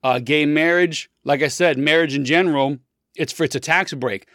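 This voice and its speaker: A man's voice: a little high, moderate pace, fairly bright tone, no echo, clean studio sound. A man in his thirties talking politics in a blunt, opinionated, rambling monologue, full of restarts.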